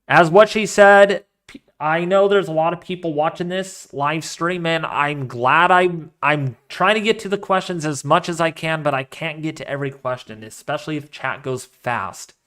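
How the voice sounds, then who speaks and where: A man hosting a live weather stream, talking casually and excitably, rambling off into asides while reading the models and the chat. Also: a little high, moderate pace. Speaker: weather livestream host.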